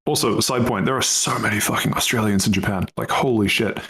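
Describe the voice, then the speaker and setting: A man's voice: lowish voice, fairly quick, sharp tone, low-quality recording. A young man chatting casually on a podcast, rambling with lots of fillers, laughing often and swearing freely. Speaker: podcast co-host.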